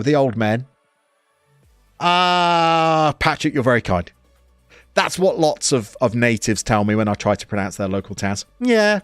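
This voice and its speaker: A man's voice: mid-range voice, dry recording, clean studio sound. A man in his forties with a West Midlands accent, hosting a live stream and bantering jokily with viewers in the chat. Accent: West Midlands English. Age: 40s. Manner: jokey, teasing banter with viewers.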